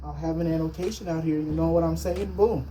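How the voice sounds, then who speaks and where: A woman's voice: sits low, fairly even intonation, fairly quick, mellow, slight background noise. A woman vlogger telling a comedic story in a jokey, mock-outraged way.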